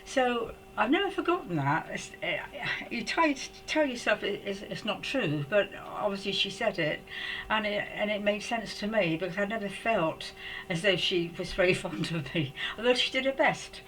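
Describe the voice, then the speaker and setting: An older woman from England tells a personal story to camera at home. She speaks softly and reflectively, with many hesitations and restarts. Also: medium pitch, lively intonation, poor audio. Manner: halting, hesitant, with frequent restarts. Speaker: psychic storyteller.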